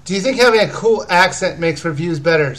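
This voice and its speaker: A man's voice: sits high, lively intonation, brisk, fairly bright tone. A man hosting a casual live video chat, rambling as he answers viewers' questions about games. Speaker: video game reviewer and host.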